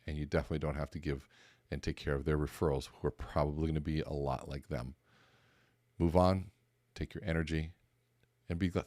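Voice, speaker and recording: A man's voice: a bass voice, no room sound, studio quality. A man hosting a podcast, giving a motivational talk on conversation and acting out the dialogue of his stories. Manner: animated storytelling, acts out dialogue in a raised voice. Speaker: podcast host and speaker coach.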